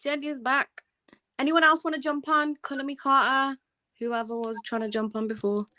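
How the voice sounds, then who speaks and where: A fairly high-pitched woman hosts an open livestream panel in relaxed chat. She teases and jokes, switching quickly between guests over a video call. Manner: playful, teasing, jokey.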